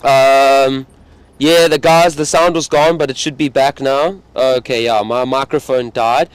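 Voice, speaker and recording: A man's voice: medium pitch, steady tone, unhurried, clear, resonant tone, no echo. A man with a South African accent, a safari guide chatting casually on a live stream from an open vehicle and reading out viewer comments.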